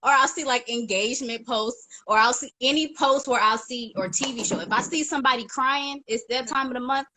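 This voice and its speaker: A woman co-hosting a casual chat, animated and giggly, acting out her own thoughts. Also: a little high, brisk, few pauses, slight background noise, low-quality recording. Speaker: podcast co-host.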